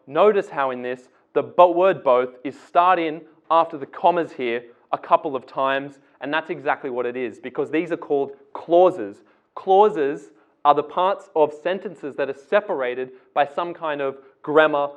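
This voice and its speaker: A man walks through essay writing in a casual, step-by-step teaching manner. His voice sits a little high. The sound is thin and tinny, like a phone line. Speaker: English tutor.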